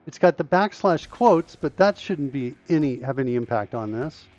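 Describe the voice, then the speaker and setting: A man's voice: mid-range voice, expressive, moderate pace, a little mellow, faint music behind. A middle-aged man hosting a live-coding stream, thinking aloud and questioning himself as he steps through code. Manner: muttering, self-questioning walkthrough of code. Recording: dull, slightly lo-fi dry mic sound.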